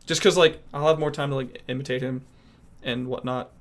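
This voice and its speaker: A man's voice: medium pitch, fairly even intonation, brisk. A man streaming who chats casually and rambles while trying out voice impressions. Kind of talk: casual chat.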